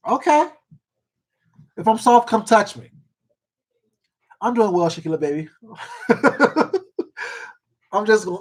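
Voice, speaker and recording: A man with a notably high voice for his sex, hosting an eating livestream. He rants bluntly, swears freely and hammers his points home through repetition, breaking off now and then to greet his viewers by name. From Washington State. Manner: blunt, profane and emphatic, repeats himself, greets viewers by name. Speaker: mukbang YouTuber. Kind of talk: casual live-stream rant while eating.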